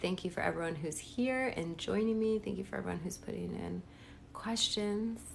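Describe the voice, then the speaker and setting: This is a woman talking straight to her viewers on a phone live stream at home, in a chatty, encouraging coaching manner. Her pitch sits in an ordinary middle range, and a faint hum of room noise runs underneath. She keeps checking in with her audience as she goes. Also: normal speed, creaky. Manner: chatty, encouraging, repeats "okay?" and "right?". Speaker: manifestation coach. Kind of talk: casual live-stream talk.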